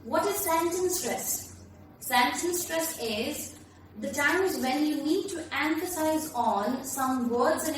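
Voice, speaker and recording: A high-voiced woman, an English teacher, delivers a classroom lesson in an emphatic, explanatory way. She sounds far from the mic in a very echoey room, with slight background noise.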